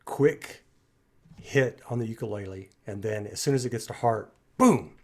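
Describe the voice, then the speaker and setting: A husky-voiced man hosts a music reaction video at a middling pitch. He dissects a singer's performance with eager admiration, circling back and restarting his thoughts as he talks. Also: animated, normal speed, a little mellow. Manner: enthusiastic, admiring, rambling with restarts. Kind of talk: music analysis commentary.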